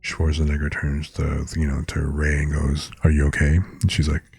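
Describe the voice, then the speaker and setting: A man's voice: rumbling low, completely flat delivery, normal speed, a little mellow, slightly rough, no echo. A man streaming live, chatting casually with viewers and reading out words with their definitions.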